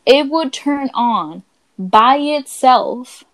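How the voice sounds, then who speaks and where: A woman's voice: high-pitched, very slow, no echo, low-quality recording. A young woman co-hosting a podcast, telling ghost stories in a brash, profane, casual way and acting out what people said. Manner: brash and profane, animated quoting voices. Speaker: podcast co-host. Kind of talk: casual storytelling chat.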